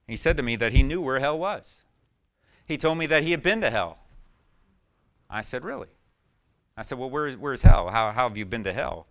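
A man preaching a sermon, swinging between loud emphatic questions and quiet, low storytelling.

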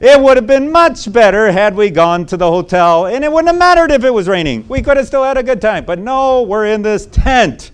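A man's voice: expressive, normal speed, few pauses, smooth. A man putting on the voice of an exasperated wife who nags and blames on a rainy camping trip. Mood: complaining. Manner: shrill, nagging, blaming.

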